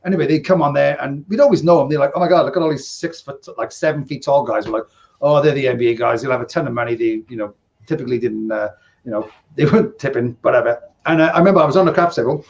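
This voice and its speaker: A man's voice: mid-range voice, fast talker, gravelly, dull audio. A man in his fifties, a casino dealer hosting a podcast, rambling through stories with chuckles and acted-out dialogue. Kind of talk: casual storytelling.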